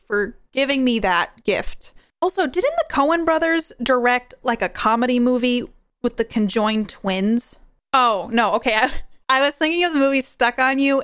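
A young woman hosting a podcast, chatting casually on her own, animated and prone to rambling tangents. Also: a little high, smooth, dry recording, studio quality. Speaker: podcast host. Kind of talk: casual solo movie chat.

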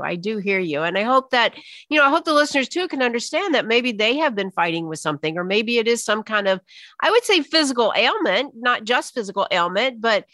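Bright-voiced woman host, earnest and open. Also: mid-range voice, dry recording, clean studio sound. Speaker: podcast host. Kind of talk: casual interview chat.

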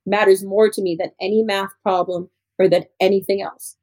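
A woman's voice: mid-range voice, level tone, moderate pace, a little mellow. A young woman teacher chatting as a podcast guest. She talks animatedly, laughs often and acts out her students' voices. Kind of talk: casual interview chat.

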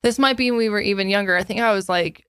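A woman in her twenties co-hosting a casual podcast, chatty and quick to laugh, swearing now and then. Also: mid-range voice, a bit bright, smooth, dry recording, studio quality. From New England, United States. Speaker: podcast co-host. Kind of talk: casual chat.

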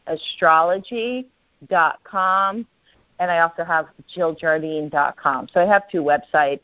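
A woman guest with a very low voice talks earnestly about her astrology work. She stumbles a little now and then. The sound is dry and lo-fi, with no room around it. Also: no echo. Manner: earnest, slightly halting. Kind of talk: interview answers.

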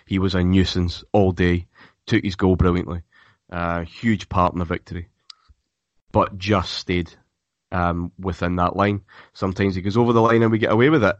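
Deep-voiced man, dull dry sound. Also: little pitch movement, normal speed, no room sound. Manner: frequent restarts and repeated words. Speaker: podcast co-host. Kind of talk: casual football chat.

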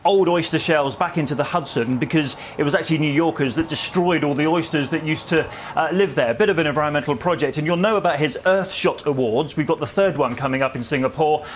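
A man's voice: a little high, slight background noise. Chatty male news correspondent reporting live. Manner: chatty, conversational, pauses with uh. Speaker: royal editor. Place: on location abroad.

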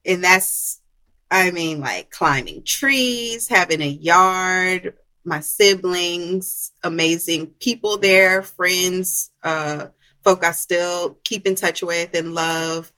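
Woman, podcast guest; slow, bright, easygoing delivery. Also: on the low side. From South Carolina, USA. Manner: unhurried, warm, drawn-out phrasing with many ums. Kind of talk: casual conversation.

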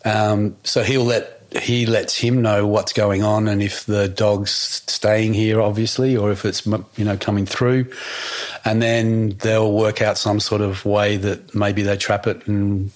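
A man, a guest in a casual conversation, talking in a reflective, halting way with many fillers. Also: lowish voice, little pitch movement.

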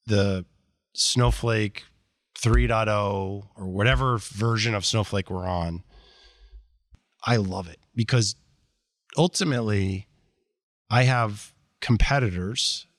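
Blunt, animated man telling stories. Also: on the low side, slow, pauses often, no room sound, clean studio sound. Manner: animated, blunt, self-deprecating, acts out quoted dialogue. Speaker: interview guest, sales executive. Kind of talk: candid conversational storytelling.

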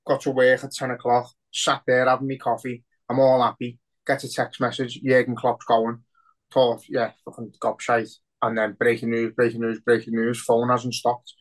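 A man with a Liverpool accent co-hosting a casual podcast, rambling and emotional, swearing heavily. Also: medium pitch. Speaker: podcast co-host.

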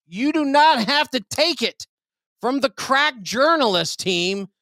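Animated, laughing male podcast host. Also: very high voice, slow pace, no room sound, clean studio sound. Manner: animated, laughing, reads stories aloud with put-on voices. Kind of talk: casual comedic chat.

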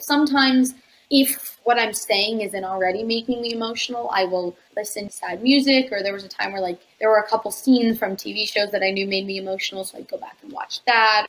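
A woman's voice: medium pitch, fairly bright tone, low-quality recording. A young woman, an actress guest in an interview, answering in a chatty way with many filler words.

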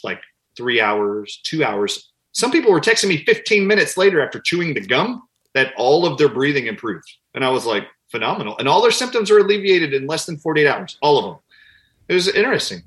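A man's voice: mid-range voice, fairly bright tone. A man, a doctor appearing as an interview guest, telling stories animatedly and acting out the people he quotes. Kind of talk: conversational interview.

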